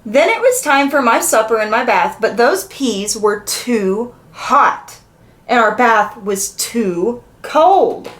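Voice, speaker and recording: Lady doing a kids read-aloud, bouncy sing-song voice, kinda high, keeps asking the kids questions. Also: slow pace. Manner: animated, asks the young listeners questions. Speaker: children's story reader. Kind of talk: interactive read-aloud for children.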